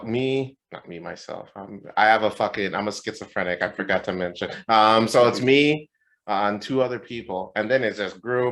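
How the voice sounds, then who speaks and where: A man co-hosting a podcast, telling a story in a casual, animated and profane way. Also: fairly low pitch. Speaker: podcast co-host. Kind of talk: casual chat.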